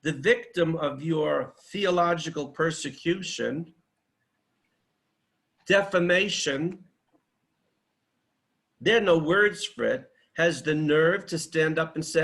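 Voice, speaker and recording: A man's voice: fairly high pitch, slow, gravelly, long pauses, fairly bright tone, rough recording. Fiery man giving a seminar talk. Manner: fiery, declamatory, rhetorical. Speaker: seminar speaker.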